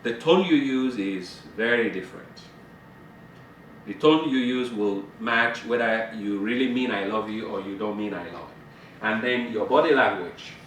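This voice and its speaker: A marriage counselor in middle age addresses a couples group on communication, his mid-range, a-bit-bright voice moving a little slowly. He keeps it conversational, laughing and acting out dialogue, and the fellowship meeting room recording is roomy and distant with slight background noise.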